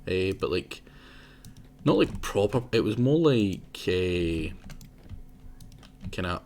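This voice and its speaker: Young man, low voice, chatty game streamer, faint keyboard clatter behind. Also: big pitch swings, slow pace, creaky, a little mellow, slight background noise. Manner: rambling, chatty, talks to himself, laughs often. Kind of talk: casual live gameplay commentary.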